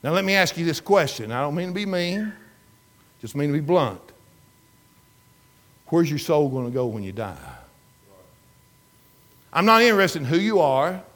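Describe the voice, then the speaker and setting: A man's voice: a little high, sing-song, normal speed, pauses often, a bit bright. A man preaching a sermon as pastor, telling a story with emphatic, repetitive delivery. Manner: emphatic storytelling preacher, repeats words, rises and falls in intensity.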